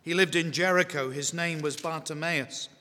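A man's voice: a little high, fairly even intonation, normal speed, pushed and bright. A man with an English accent preaching a sermon, repeating key phrases and putting questions to his listeners. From England. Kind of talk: evangelistic sermon. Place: church hall. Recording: echoey hall with long reverb.

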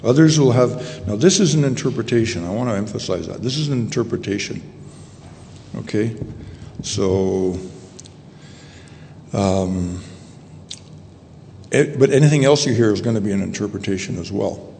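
Man, preacher, sermon, gravelly, halting with fillers, faint background noise. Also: lowish voice, mellow. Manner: halting, searching for words, with many fillers and restarts. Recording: long echo in a hall, faint ambient noise.

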